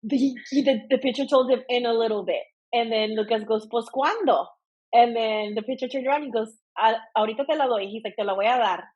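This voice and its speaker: A woman's voice: on the high side, fairly even intonation, fast talker, few pauses, darkish tone, lo-fi sound. A woman from Eagle Pass, Texas, telling a rambling story in casual chat. She says "like" often and slips into Spanish. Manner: rambling storyteller, heavy use of "like", switches into Spanish. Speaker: podcast co-host.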